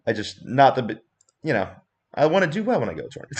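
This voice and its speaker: An animated male host chats on a casual livestream. He explains things with easy confidence and laughs often, with a mid-range, everyday voice. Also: mid-range voice, fairly quick. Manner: animated, chatty, laughs easily. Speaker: host and coach.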